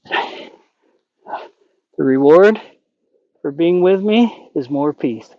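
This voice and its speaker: A man working as a horse trainer, calmly explaining while talking gently and soothingly to a horse outdoors. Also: on the high side, very slow, no echo, highs cut off. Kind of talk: training commentary.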